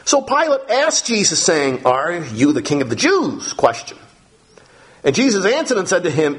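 A man's voice: high-pitched, sing-song, normal speed, a bit bright. A man preaching a Bible lesson, reading scripture aloud and explaining it as he goes. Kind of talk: Bible teaching.

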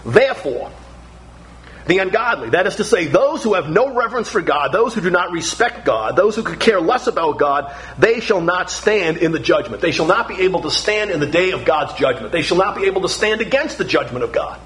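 A man's voice: high-pitched, animated, a little fast, fairly bright tone, poor audio. A middle-aged man preaching a sermon, emphatic and building through repeated phrases.

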